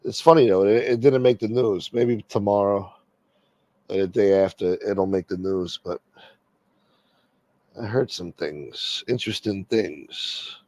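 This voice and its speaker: Profane, blunt streetwise livestream host. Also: male voice, fairly low pitch, measured pace, darkish tone, dry recording. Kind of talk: casual livestream chat.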